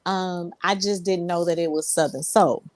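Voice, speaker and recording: A woman singer tells her story as an interview guest, wandering through it with plenty of ums and restarts. Her voice sits fairly low. The recording is dry, with no room sound. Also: steady tone, moderate pace, dry recording. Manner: rambling, many fillers and restarts. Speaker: Southern soul singer, guest.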